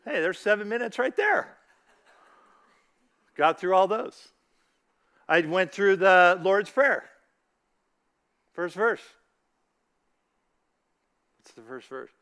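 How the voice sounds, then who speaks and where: A man's voice: high-pitched, animated, measured pace, pauses often, sharp tone. A middle-aged man giving a casual sermon, chatty, asking the audience questions and reciting scripture. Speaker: church speaker.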